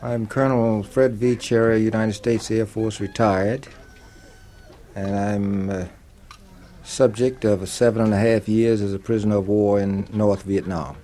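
A man's voice: lowish voice, fairly even intonation, unhurried, dark tone. A man, a retired Air Force colonel, introducing himself formally. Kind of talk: interview testimony.

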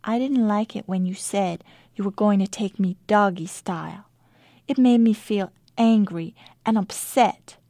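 A woman's voice: medium pitch, unhurried, warm tone, no echo, clean studio sound, lightly acted. A woman voicing an earnest, upset schoolgirl in a storybook reading, speaking plainly.

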